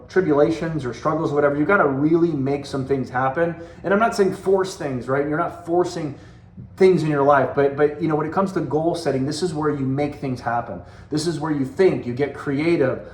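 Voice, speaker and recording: A man in his forties giving a motivational talk as a sales team leader, earnest and conversational, repeating phrases for emphasis. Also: a little high. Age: 40s. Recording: roomy echo.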